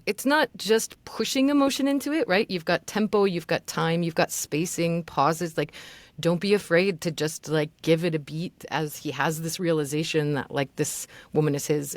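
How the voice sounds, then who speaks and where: A woman with a slightly low voice gives relaxed, chatty feedback as a voice acting mentor. She talks loosely and fills her sentences with small hesitations. The sound is dry and close. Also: no room sound. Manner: chatty, loose, many filler words. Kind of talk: casual feedback session.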